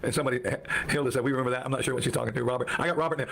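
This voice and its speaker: A man ranting angrily on a livestream, swinging from shouting to muttering. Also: medium pitch, fairly even intonation, rapid-fire, gravelly, hardly any pauses. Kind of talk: angry livestream rant.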